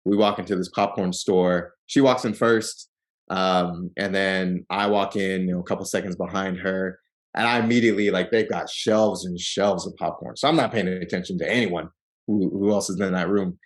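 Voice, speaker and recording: A man from Seattle, Washington, guests on a podcast and relaxes into personal stories at a normal pace, sprinkling in plenty of "like" and "um." He acts out the people he quotes, jumping lively in pitch for each one.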